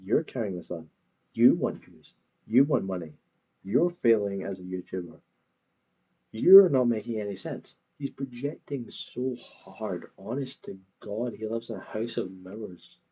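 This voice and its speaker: A man's voice: lowish voice, lively intonation, unhurried, warm tone, slightly rough, dull audio. A man hosting a reaction video, talking back at a clip with scornful, swearing commentary.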